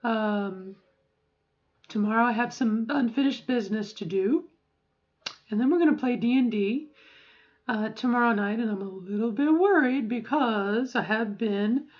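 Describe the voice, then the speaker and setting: A woman's voice: a little high, unhurried, lo-fi sound. Middle-aged woman rambling in a vlog. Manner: rambling, keeps adding "okay?". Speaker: vlogger. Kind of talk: casual voice-training vlog.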